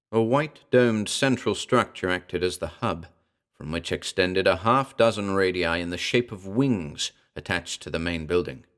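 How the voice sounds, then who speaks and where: A man narrating a pulp horror tale in a low voice, measured and dramatic. His delivery is scripted and steady, shaping each sentence for suspense. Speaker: audiobook narrator. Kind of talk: scripted horror fiction reading.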